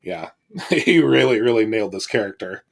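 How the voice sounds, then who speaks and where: Lower-voiced man chatting about movies. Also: lively intonation, moderate pace, gravelly. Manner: chatty, agreeable, many yeahs and restarts. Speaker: podcast co-host. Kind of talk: casual movie chat.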